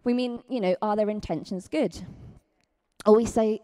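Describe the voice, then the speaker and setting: Woman preacher, Scottish accent, mellow tone, chatty sermon, animated quoting. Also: normal speed. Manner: lively, chatty, acts out quotes with big pitch jumps.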